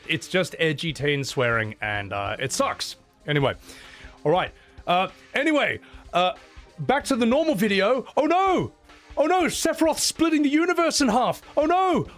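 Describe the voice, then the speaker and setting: A man casually commenting on a video game as a YouTuber, animated and jokey. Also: on the high side. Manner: animated, jokey, breaks into silly voices.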